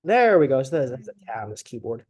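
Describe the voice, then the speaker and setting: A medium-pitched, sing-song voice with a darkish tone and breathy edge comes from a man speaking fast. He's a language instructor giving an online lecture, chatty and digressive, full of fillers, and he demonstrates sounds by exaggerating them.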